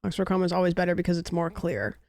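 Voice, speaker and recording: A woman's voice: lowish voice, expressive, very fast, a little mellow, dry recording. A young woman streamer in casual chat, rambling and musing aloud with lots of "like" fillers.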